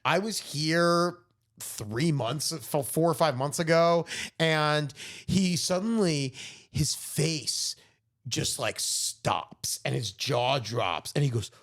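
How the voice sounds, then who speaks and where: A man in his thirties co-hosting a podcast, telling a story in casual chat, animated and swearing freely. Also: fairly high pitch, slow. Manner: animated, swearing, acts out quoted voices. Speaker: podcast co-host.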